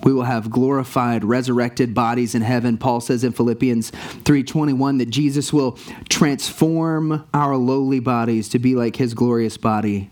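A man preaching a sermon to his church, earnest and rising in pitch on the points he stresses. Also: steady tone, normal speed, a little mellow. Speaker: pastor.

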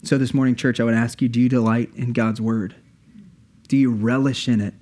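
A man's voice: mid-range voice, level tone, brisk, darkish tone. Earnest male pastor preaching. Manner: earnest, builds with repeated phrases. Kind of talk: sermon.

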